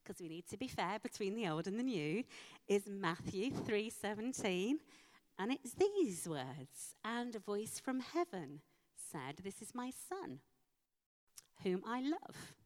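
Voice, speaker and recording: A woman preaching a sermon, slow and emphatic with dramatic pauses. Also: mid-range voice, sing-song, darkish tone. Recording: long hall reverb.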